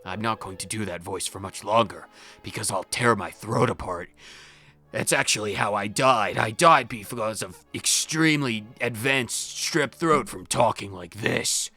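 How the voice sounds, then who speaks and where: A man's voice: lowish voice, unhurried, pushed and bright, soft background music. A man hosting a video game playthrough, joking around and chatting goofily with the game's characters. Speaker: let's play host.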